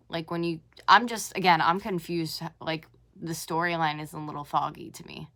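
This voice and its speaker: A woman in her twenties from North America gives casual reaction commentary. Her voice sits a little low, and she sounds sarcastic and indignant. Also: steady tone, a little fast, a bit bright. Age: 20s. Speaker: YouTuber reacting to a video.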